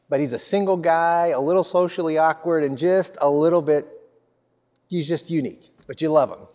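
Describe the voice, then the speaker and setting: Man, fifties, preaching, storytelling delivery, slightly raised pitch, long reverb. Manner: storytelling with lively swings in energy. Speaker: pastor. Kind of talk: sermon.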